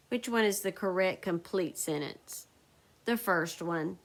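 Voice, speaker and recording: Slow, deliberate woman teacher dictating. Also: fairly low pitch. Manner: slow, deliberate dictation, spelling words letter by letter. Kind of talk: recorded phonics lesson. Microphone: recorded for a video lesson.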